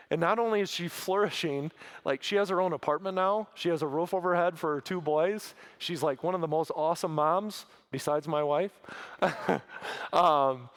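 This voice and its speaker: A man's voice: fairly high pitch, fairly bright tone. A man speaking at a church as a guest from a mission, earnest, with many fillers and restarts. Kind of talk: sermon talk.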